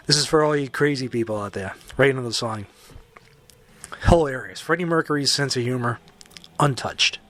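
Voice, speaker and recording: A man's voice: medium pitch, normal speed, long pauses, fairly bright tone. A man hosting a solo podcast, talking casually with opinionated, jokey asides. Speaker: podcast host.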